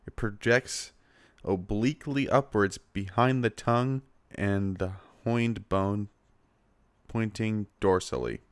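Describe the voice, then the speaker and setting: Young male podcast host, lowish voice, loose and rambling, self-deprecating, dry close sound on a small recorder. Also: animated, slow pace, clear, resonant tone, no room sound. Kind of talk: casual solo podcast monologue. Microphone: small handheld recorder.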